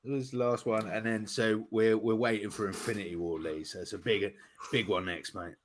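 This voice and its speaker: A man's voice: fairly low pitch, steady tone, moderate pace, slight background noise. A man with a British accent, a guest co-host of a podcast, chatting casually with a jokey manner and lots of fillers. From United Kingdom. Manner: jokey, laughing, rambling with fillers.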